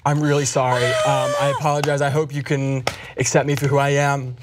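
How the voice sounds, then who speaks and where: A man's voice: medium pitch, very noisy. An Australian man chatting casually as a panelist on a talk show, telling jokey stories. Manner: rapid, animated, jokey storytelling.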